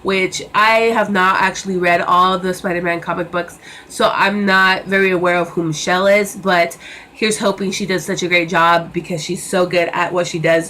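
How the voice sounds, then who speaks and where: A young woman talks through a movie review in a relaxed home vlog, her voice sitting on the low side. She gushes with enthusiasm, circling back with fillers and doubled words. A faint hum of room ambience sits underneath. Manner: chatty and enthusiastic, many fillers and repeats. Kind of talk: casual vlog chat.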